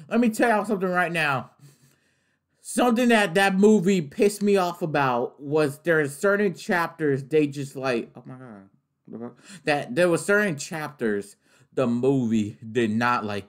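A young man reacting to a trailer in a casual way, excitable and loud, swearing and laughing often. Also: a little high. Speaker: reaction video host.

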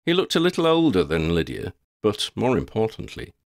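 Expressive male storybook narrator, low and animated, dry close sound. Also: fairly quick, creaky, no echo. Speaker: audiobook narrator.

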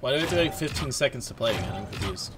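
A young man chatting casually and swearing loudly while playing an online game with friends. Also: medium pitch, animated, racing. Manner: loud, swearing, jokey. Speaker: gaming streamer. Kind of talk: casual gaming chat. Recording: game noise behind voice. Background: game sounds.

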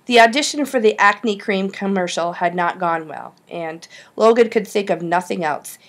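Woman reading a children's novel aloud. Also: moderate pace. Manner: reads dialogue with lively shifts in pitch. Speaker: audiobook reader. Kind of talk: storybook narration.

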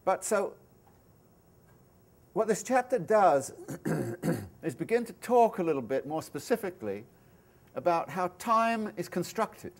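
A man's voice: sits high, big pitch swings, a little slow, pauses often. A male professor giving a university lecture, explaining ideas in a thoughtful, step-by-step way, with asides and restarts. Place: lecture room.

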